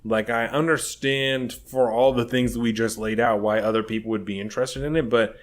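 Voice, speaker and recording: A man's voice: mid-range voice, steady tone, fairly quick. A man co-hosting a casual political chat podcast, emphatic and heavy on "you know". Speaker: podcast co-host.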